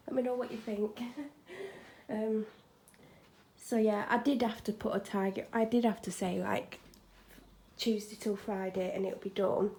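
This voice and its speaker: A woman chatting frankly in a home vlog from a room she is decorating, sometimes dropping into soft whispered asides. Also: medium pitch. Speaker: vlogger. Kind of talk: casual home vlog chat.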